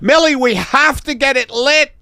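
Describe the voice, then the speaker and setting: A man's voice: extremely high pitch, normal speed, sharp tone, dry recording, studio quality, voice pushed up, heavily acted. A man voicing a fussy, bossy male photographer who keeps insisting on more lighting. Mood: insistent. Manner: pleading, insistent.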